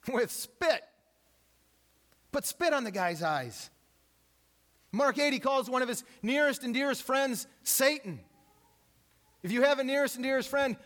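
A man preaching a sermon, retelling stories with humor and acting out the quotes. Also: high voice. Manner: lively storytelling, acts out quotes with humor. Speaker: pastor.

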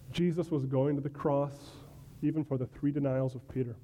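A man's voice: medium pitch, steady tone, normal speed, mellow. A male pastor preaching a sermon in a conversational way, often checking in with "right?" and sometimes restarting words.

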